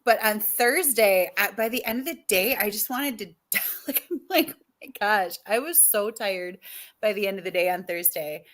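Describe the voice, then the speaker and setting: Woman teacher guest, mid pitch, bright tone, relaxed chat. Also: moderate pace. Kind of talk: casual chat.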